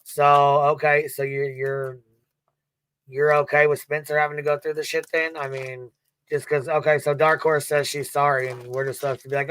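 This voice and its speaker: Man panel guest, steady flat delivery with a smooth voice, swearing freely and cutting people down. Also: fairly high pitch, normal speed. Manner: blunt, profane, combative. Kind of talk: heated livestream commentary.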